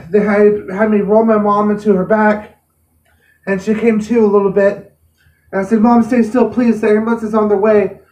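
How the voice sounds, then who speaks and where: A woman's voice: mid-range voice, darkish tone. Earnest woman vlogger, distant roomy sound. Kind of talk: personal storytelling to camera.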